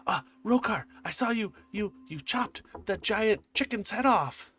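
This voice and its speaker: A man voicing an excitable young boy who stumbles over his words in a tabletop game. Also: high voice, a little slow, husky, voice pushed up, exaggerated voice. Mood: thrilled.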